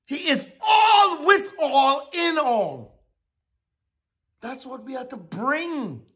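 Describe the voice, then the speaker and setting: A woman preaching a sermon in a slow, deliberate cadence, stretching out key words. Her voice sits fairly high for a woman, and she leans on dramatic pauses and emphatic stress. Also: sing-song, fairly bright tone.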